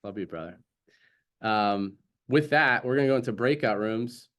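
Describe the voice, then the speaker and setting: A man's voice: medium pitch, normal speed, a bit bright. A man with a mid-range voice hosting a community video call. He speaks in an encouraging, affirming way as he leads the group.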